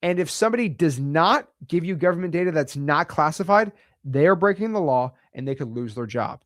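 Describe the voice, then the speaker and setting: A man's voice: fairly high pitch, lively intonation, brisk, a bit bright, no echo, studio quality. A man from the United States coaching real estate wholesaling in a blunt, emphatic, chatty way with slangy asides. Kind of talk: casual teaching to camera.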